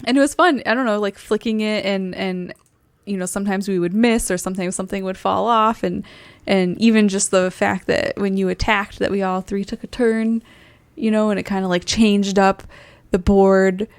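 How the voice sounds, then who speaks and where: A woman's voice: medium pitch, fairly even intonation, moderate pace, clear, resonant tone, no room sound. A woman co-hosting a board game podcast, chatting casually with plenty of hedges and laughs. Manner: chatty, hedging, many fillers and laughs. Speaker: podcast co-host. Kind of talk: casual chat. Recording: dry close mic.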